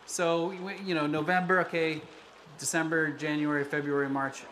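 A man's voice: on the high side, level tone, normal speed, fairly bright tone. A man in his forties from the United States, a pastor giving a chatty, personal, self-deprecating sermon in a church sanctuary. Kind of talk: conversational sermon. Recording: echoey room with background noise.

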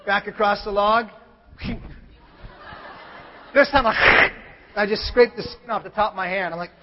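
A pastor preaching a sermon, telling a story in an animated way and acting out other people's lines, sometimes building up to shouts. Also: male voice, high voice, measured pace, long pauses, noisy background. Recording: long hall reverb, dull lo-fi sound.

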